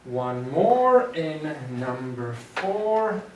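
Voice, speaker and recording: Male teacher, slow and deliberate, quizzes the class; roomy far-off classroom recording. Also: on the high side, big pitch swings. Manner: thinks aloud, poses questions to the class. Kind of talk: classroom lecture. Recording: echoey room, distant mic, clear background noise.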